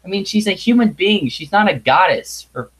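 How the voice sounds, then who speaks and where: A man's voice: sits high, lively intonation, a bit bright, husky, low-quality recording. A man giving a blunt, exasperated review monologue, sighing and swearing and often restarting his sentences. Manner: halting restarts and repetition. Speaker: video reviewer.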